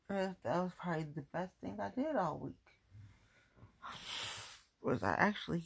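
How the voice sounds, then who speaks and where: A woman's voice: lowish voice, vocal fry, slightly rough. A woman from the Cincinnati area chatting casually in a rambling, self-mocking vlog at home, firing off exasperated rhetorical questions. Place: at home, going through belongings.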